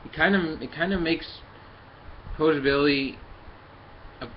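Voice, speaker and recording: Halting man demonstrating a toy, muffled recording. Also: a little high, a little hiss or hum. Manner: halting, many fillers, talks while handling the toy. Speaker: toy reviewer. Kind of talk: casual hands-on review and demonstration.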